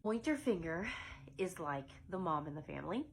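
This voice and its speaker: A middle-aged preschool teacher with a drawl talks through a classroom song in a lowish voice. She demonstrates it playfully, switching into silly character voices. A faint room hum sits behind her. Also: big pitch swings, normal speed, low-quality recording.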